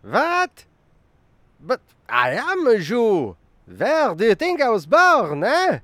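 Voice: high-pitched, sing-song, slow pace, no room sound, full character voice. A performer voicing a male Jesus figure who keeps cutting in with exasperated protests. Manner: keeps interrupting with "oi", pleading.

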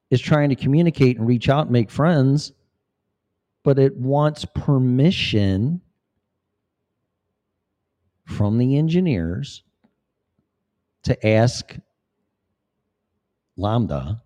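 Male vlogger, rambling and preachy, profane; mid pitch with very lively intonation. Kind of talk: casual monologue.

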